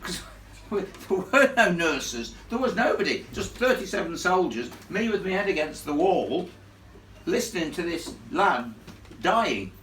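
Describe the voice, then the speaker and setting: A man's voice: high-pitched, unhurried. A man spins a true ghost yarn for a live audience, his voice swinging widely up and down as he piles on blunt, salty asides. He is caught from a distance in an echoey room, with a faint hum of ambience behind him. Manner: animated, blunt, salty storyteller. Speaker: ghost storyteller. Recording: echoey room filmed from far off.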